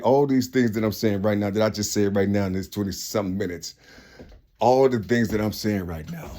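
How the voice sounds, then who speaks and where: A man's voice: on the low side, darkish tone. A man talking in a rambling, profane spoken monologue full of street slang, slipping into voices of the people he describes.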